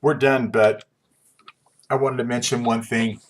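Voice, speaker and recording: A man teaching a class, talking in a calm, reflective, conversational way with occasional fillers. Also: medium pitch, unhurried, a little hiss or hum. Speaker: instructor. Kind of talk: recorded class lecture.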